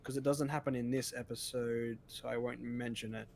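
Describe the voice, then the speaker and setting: A man's voice: medium pitch, steady tone, normal speed, vocal fry, a little mellow, a little hiss or hum. A man as a guest in a casual chat, loose and filler-heavy, quoting characters as he talks.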